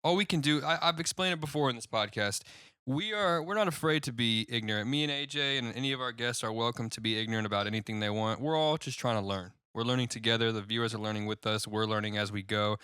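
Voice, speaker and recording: A man's voice: mid-range voice, fast, pushed and bright, smooth, no echo, clean studio sound. A man from Indiana hosting a podcast, talking in a laid-back, jokey way with lots of laughing and quoted voices. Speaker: podcast host. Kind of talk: casual chat.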